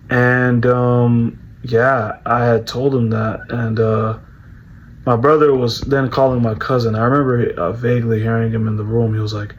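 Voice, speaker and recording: A man's voice: mid-range voice, flat delivery, normal speed, lo-fi sound, a little hiss or hum. Rambling young man telling a story. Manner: rambling, repeats words, heavy fillers like "bro" and "like". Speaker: vlogger. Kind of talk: casual personal storytelling.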